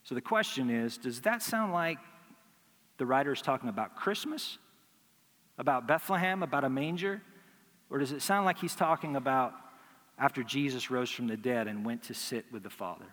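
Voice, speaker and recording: A man's voice: medium pitch, moderate pace, a bit bright, in a large hall. A man preaching a sermon as pastor, teaching through rhetorical questions and acting out imagined replies.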